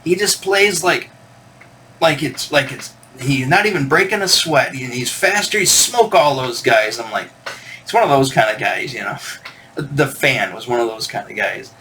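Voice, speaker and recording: A man's voice: mid-range voice, lively intonation, normal speed, bright, forceful tone, a little hiss or hum. A man hosting a record collector channel, telling a rambling, digressive story in casual chat to camera.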